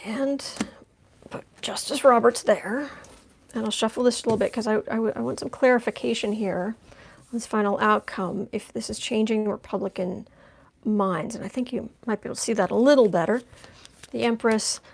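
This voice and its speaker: A woman's voice: fairly high pitch, normal speed, vocal fry. A woman giving a chatty live-stream tarot reading, making wry asides as she lays out cards. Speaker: tarot reader.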